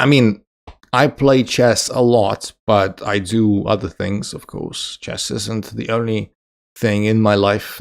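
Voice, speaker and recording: A man's voice: fairly low pitch, gravelly. A man casually chatting on a live stream, reading viewer comments aloud, joking and laughing often. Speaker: chess streamer.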